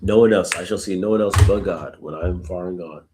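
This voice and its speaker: Male Bible study host, very low voice, reads scripture then chats about it with casual asides. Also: fairly quick, noisy background. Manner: reads verses aloud, then reflects informally; uses casual "y'all" asides. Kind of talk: live scripture reading with commentary.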